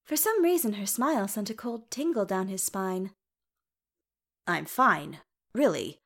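A woman narrating a story in an unhurried, even manner. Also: a little high. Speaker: reader. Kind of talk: storybook reading.

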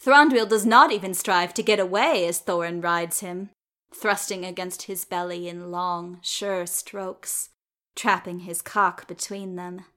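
A woman reading fiction aloud in a measured, unhurried storytelling manner. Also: fairly low pitch, fairly even intonation, fairly bright tone. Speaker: reader.

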